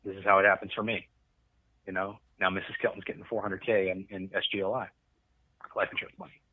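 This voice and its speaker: Low man telling a story over a tinny line. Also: level tone, quick pace, no echo. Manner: rambling, profane, restarts often. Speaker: podcast guest, Coast Guard veteran. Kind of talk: conversational storytelling.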